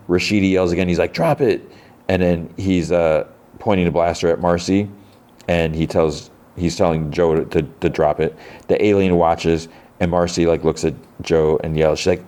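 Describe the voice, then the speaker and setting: A man's voice: deep voice, dark tone. A man hosting a podcast, casually retelling a TV episode scene by scene with lots of fillers and quoted dialogue. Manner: rambling retelling full of fillers and quoted lines. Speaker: podcast host.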